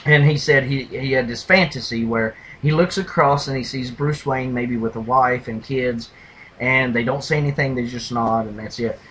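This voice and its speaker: A man co-hosting a casual podcast, retelling and mocking movie scenes with animated delivery and loud impressions. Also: mid-range voice, moderate pace, a little hiss or hum, low-quality recording. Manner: animated storyteller, mimics lines in a loud gravelly shout. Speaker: podcast co-host. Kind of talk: casual movie review chat.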